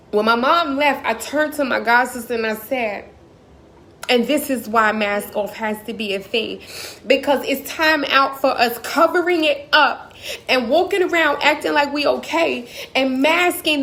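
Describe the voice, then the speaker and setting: A woman's voice: sits high, a bit bright. A woman, giving an impassioned, emotional personal monologue as a motivational speaker. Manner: impassioned, talks straight to the audience.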